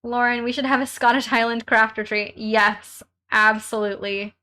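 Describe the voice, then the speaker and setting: A woman's voice: on the high side, fairly even intonation, normal speed, bright, forceful tone, clean tone. A young woman hosting a casual live stream from home while crafting, chatting with viewers and reading their comments aloud in a bubbly way, laughing often.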